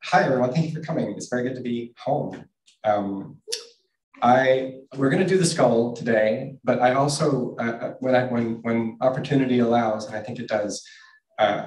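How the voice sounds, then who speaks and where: A man's voice: mid-range voice, a little mellow. Man from Canada, casual book reading, chatty and self-deprecating, roomy sound, mic far off. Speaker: author reading his picture books. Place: bookstore event room.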